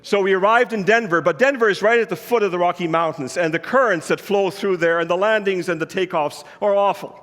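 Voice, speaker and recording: High-voiced pastor telling a story. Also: male voice, brisk, hardly any pauses, fairly bright tone, long reverb tail. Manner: storytelling, conversational and earnest. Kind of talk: sermon.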